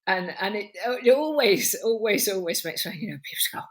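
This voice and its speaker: A woman hosting a podcast interview, talking in an animated, emphatic way and piling up descriptions. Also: mid-range voice, moderate pace. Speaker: podcast host. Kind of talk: conversational interview.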